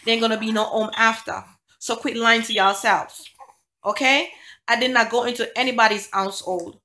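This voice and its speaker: Bright, forceful woman vlogging indignantly. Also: a little high, steady tone, moderate pace. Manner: emphatic, defensive, repeats rhetorical questions. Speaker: single mom vlogger. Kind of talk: indignant storytime vlog.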